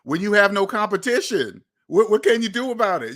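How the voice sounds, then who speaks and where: A finance-channel host talks straight to his viewers in a casual, emphatic monologue, repeating his points and swearing now and then. His voice is high-pitched and a bit bright, very animated, brisk, with few pauses.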